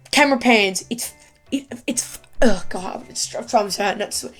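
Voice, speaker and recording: A woman giving a casual, excitable video review of a TV episode, rambling with lots of fillers. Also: medium pitch, moderate pace, faint music behind. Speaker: YouTube TV reviewer.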